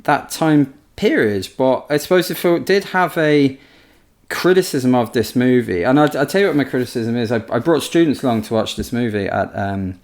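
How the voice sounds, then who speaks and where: A man with a mid-range voice chats casually as a podcast co-host. He is a historian who talks things through loosely and brings anecdotes to life with lively impressions. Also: mid-range voice, moderate pace. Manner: chatty, storytelling, animated impressions.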